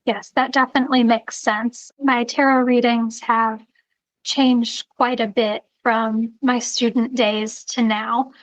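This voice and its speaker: A woman's voice: a little high, little pitch movement, slow, no room sound, rough recording. A woman from South Carolina with a Southern accent, speaking earnestly as a guest in a coaching conversation. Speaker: guest, intuitive reader.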